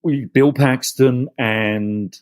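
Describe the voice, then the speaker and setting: A middle-aged man, chatting as an actor guest in a relaxed interview, often restarting his phrases. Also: medium pitch, drawn-out words, no echo. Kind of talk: casual interview chat.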